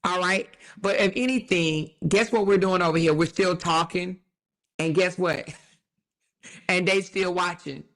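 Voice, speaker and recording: A woman's voice: fairly low pitch, a bit bright. Emphatic woman hosting a casual livestream. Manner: emphatic, repetitive, laughs often, slows down to stress points. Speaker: livestream commentary host.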